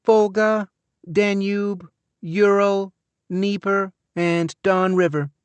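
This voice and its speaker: A precocious little girl, as a male narrator plays her, rattles off answers in a high, flat, unbothered voice. It is a dry, close audiobook read with no room sound. She is a bored storybook know-it-all. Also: slow pace, smooth, dry recording. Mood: deadpan.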